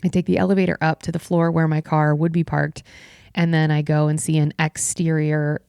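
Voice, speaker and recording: A woman's voice: deep voice, flat delivery, brisk, gravelly, darkish tone, smooth, no room sound, clean studio sound. A woman hosting a podcast solo, telling an exasperated, sardonic story as a rant. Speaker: podcast host.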